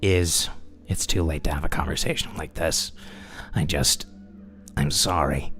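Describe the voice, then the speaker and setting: A man voicing a weary young man who answers a clingy partner in a hushed, low, half-whispered way for a comedic dramatic reading. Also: measured pace, a little hiss or hum, heavily acted.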